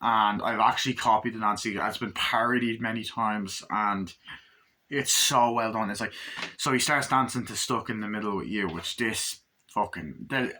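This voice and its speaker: A bright, sharp-toned young man gives a casual movie review. He rambles, swears freely and acts out the scenes he describes. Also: lowish voice, normal speed.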